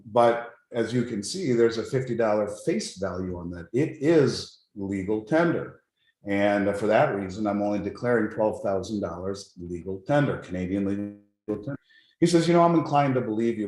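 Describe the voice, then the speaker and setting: A man who deals in precious metals, a guest in an interview, telling a long anecdote in an animated way. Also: on the low side, echoey room. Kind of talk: storytelling in an interview.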